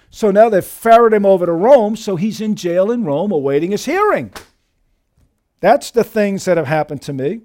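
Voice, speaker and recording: Here a man gives a sermon in his role as pastor, lively and forceful at a moderate speed, his voice swinging in pitch and loudness for emphasis. He repeatedly calls his audience dear friends.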